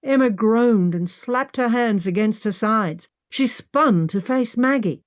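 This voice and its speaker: A woman reading an adventure audiobook as narrator, with expressive storytelling. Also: on the high side, slow pace, few pauses, no echo, clean studio sound.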